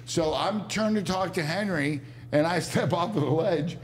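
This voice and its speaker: A man's voice: a little high, moderate pace, breathy edge. Rambling, chuckling man telling stories. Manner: rambling, laughing anecdotes with many fillers. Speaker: podcast guest. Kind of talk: casual storytelling.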